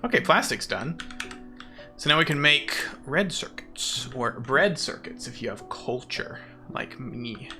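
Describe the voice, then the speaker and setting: A man's voice: medium pitch, lively intonation, a little slow, sharp tone, faint music behind. A man streaming a game, chatting casually and sarcastically with his chat. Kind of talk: casual chat while gaming.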